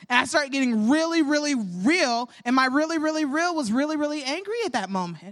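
A woman's voice: high-pitched, lively intonation, brisk, hardly any pauses. A young adult woman hosting a faith podcast, talking in an earnest, candid storytelling way with self-deprecating humor. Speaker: podcast host.

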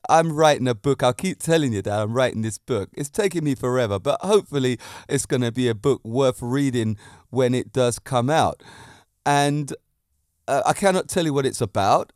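A man hosting a casual podcast monologue, animated and often laughing at his own jokes. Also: mid-range voice, no echo, clean studio sound. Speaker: podcast host.

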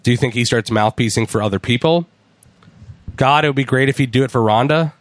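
A man chatting casually, retelling events with lively acted-out quotes as a podcast host. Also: medium pitch, brisk, no room sound. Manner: animated storyteller, acts out quotes. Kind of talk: casual chat recapping wrestling.

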